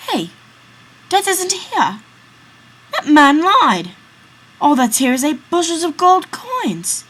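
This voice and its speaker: A woman's voice: mid-range voice, huge pitch swings, slow pace, a bit bright, husky, exaggerated voice, low-quality recording. A woman voicing a scheming, greedy young man in a story, speaking in a raised voice.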